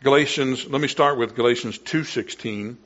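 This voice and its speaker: A male pastor delivering a sermon in an earnest, emphatic way, slowing down on the words he wants to land. His voice sits at an ordinary middle pitch for a man. The recording is slightly dull and lo-fi. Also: fairly bright tone. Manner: earnest, emphatic preaching with pauses and slow stresses.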